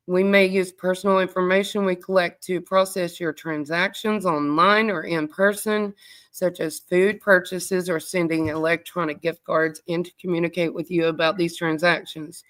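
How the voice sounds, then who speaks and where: A woman hosting a livestream, reading a privacy policy aloud quickly, with sassy asides to viewers. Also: on the low side, fairly even intonation. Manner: reads quickly, breaks off to chat with viewers. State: out of breath. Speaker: true crime livestream host.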